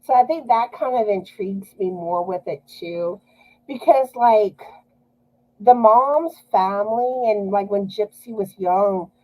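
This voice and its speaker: Cajun lady hosting her knitting stream, slow and mellow, chatty with lots of laughs. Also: mid-range voice, low-quality recording. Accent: South Louisiana Cajun. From South Louisiana. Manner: chatty, laughs often, drawn-out filler words. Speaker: host of a knitting live stream. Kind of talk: casual live-stream chat.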